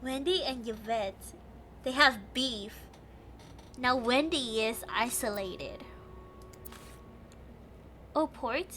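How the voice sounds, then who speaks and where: A woman's voice: on the high side, slow, long pauses, pushed and bright, a little hiss or hum. A young woman streaming a game, thinking aloud in casual chat, giggly and chatty. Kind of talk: casual live game commentary.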